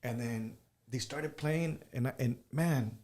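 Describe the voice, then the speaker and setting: A man sits in as an interview guest and spins casual stories with a voice of ordinary pitch. He slips Spanish phrases into his talk. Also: slow, darkish tone. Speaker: musician guest.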